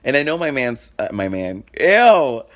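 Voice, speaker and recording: A man's voice: medium pitch, lively intonation, a little fast, a bit bright. Guy on his vlog spilling a story, blunt and swears a lot, acts out the back-and-forth. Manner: frank, profane and dramatic; acts out quoted exchanges. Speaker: vlogger. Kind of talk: casual storytelling.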